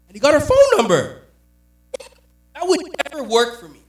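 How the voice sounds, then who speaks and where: Comedian telling stories in a roomy space. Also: male voice, extremely high pitch, huge pitch swings, normal speed, pauses often. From Jamaica. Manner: storytelling, punchy delivery, slips into character voices. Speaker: stand-up comedian. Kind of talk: stand-up comedy set. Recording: roomy, distant mic.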